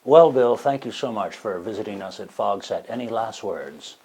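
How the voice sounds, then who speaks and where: A man's voice: fairly low pitch, lively intonation, moderate pace, a little mellow. Stiff formal male talk show host. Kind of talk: mock-formal interview hosting.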